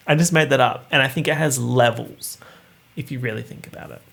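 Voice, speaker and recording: A man's voice: medium pitch, moderate pace, creaky, a bit bright. A young man hosting a casual podcast, reading out a plot summary with sarcastic asides. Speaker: podcast host.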